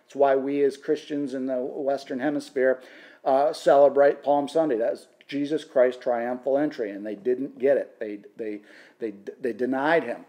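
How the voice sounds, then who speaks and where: A man's voice: medium pitch, steady tone, normal speed, mellow. A man teaching through a Bible passage in sermon style, impassioned and rising to fervent emphasis, with frequent restarts.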